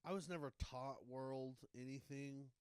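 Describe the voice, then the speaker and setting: Young man, podcast co-host, smooth clear voice, dry close sound, loose directive chat. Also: mid-range voice, steady tone, unhurried, no echo. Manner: directive, coaching, loose and rambling. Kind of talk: casual comedic chat.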